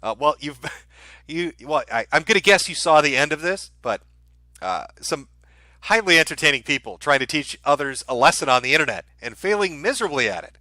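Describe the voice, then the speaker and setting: A man on a casual livestream reads out viewer donations and answers them with dry, sarcastic quips. His voice sits a little high and sounds bright and forward. The recording is dry and close, with no room sound. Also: sing-song, brisk, no room sound. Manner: dry sarcastic asides between read-out messages. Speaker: streamer reading donation messages.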